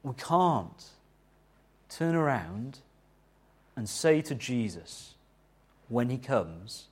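A middle-aged man preaching a sermon in an animated, conversational way, asking the listeners rhetorical questions. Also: medium pitch, a little slow. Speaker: pastor.

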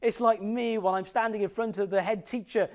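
Male preacher, middle-aged, slightly high voice, expressive, slows down for emphasis. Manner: expressive, drops to slow quiet emphasis on scripture. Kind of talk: sermon.

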